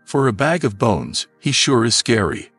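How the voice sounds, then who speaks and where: A man reading the lines of a lazy, secretly powerful male dungeon boss in a flat, unhurried comic-recap voice over faint music. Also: medium pitch, breathy edge, no echo. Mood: worried.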